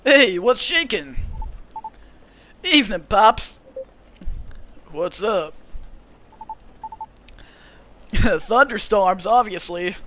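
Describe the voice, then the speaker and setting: A man's voice: sits high, expressive, slow pace, long pauses, pushed and bright, slight background noise, exaggerated voice. A man voicing a laid-back young male satyr with a put-on Californian accent and a bleating, goat-like drawl. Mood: breezy. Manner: upbeat, easygoing slang.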